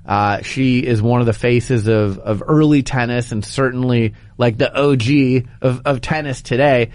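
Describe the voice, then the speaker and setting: A man hosting a sports talk show, laying out his opinions in an animated, argumentative way. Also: medium pitch, a little slow, no echo.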